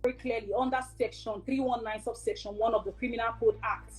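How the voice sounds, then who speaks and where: A woman's voice: fairly high pitch, fairly even intonation, fast, husky, soft background music, rough recording. A woman playing a firm prosecutor who questions the accused in a student courtroom role-play. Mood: formal. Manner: firm, interrogating, formal. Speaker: prosecutor in a mock trial.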